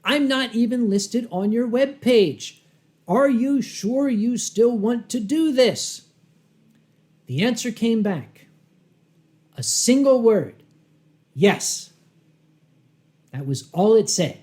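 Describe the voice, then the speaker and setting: A man telling a humorous story live, dry and wry, with dramatic pauses, acting out his own rehearsed lines and clearing his throat often. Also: very high-pitched, lively intonation, darkish tone. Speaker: convention storyteller.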